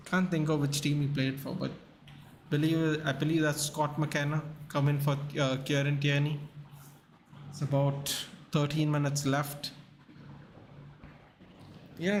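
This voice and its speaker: A man's voice: fairly high pitch, slight background noise. A man hosting a live sports watchalong, chatting casually and rambling as he reacts to the match and answers the chat, sounding tired. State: tired, yawning.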